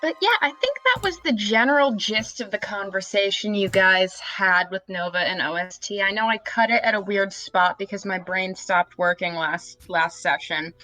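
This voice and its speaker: A woman's voice: mid-range voice, moderate pace, few pauses, bright, forceful tone, low-quality recording. A woman running a tabletop game, recapping the last session in a rambling way with many fillers. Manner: rambling, filler-heavy, friendly. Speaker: game master.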